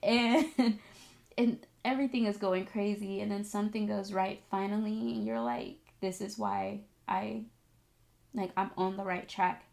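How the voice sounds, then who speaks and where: A young woman talks straight to her viewers, telling a story in a loose, chatty way with plenty of filler words. Her voice leaps up high at the exciting parts, and she sometimes sounds close to tears. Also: moderate pace, gravelly. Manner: animated, emotional, chatty with many "like"s. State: tearful at times. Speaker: vlogger, esthetics student. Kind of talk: casual storytelling to camera.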